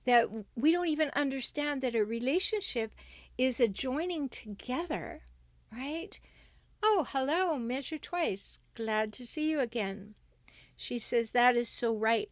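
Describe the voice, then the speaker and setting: A woman's voice: a little high, no echo. A middle-aged woman hosting a livestream with relationship advice, speaking emphatically and reading viewer comments aloud.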